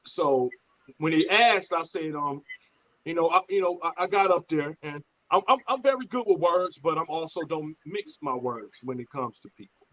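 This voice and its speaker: Blunt, profane man with a high voice. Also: moderate pace, poor audio. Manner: blunt, profane, animated storyteller. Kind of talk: casual storytelling chat.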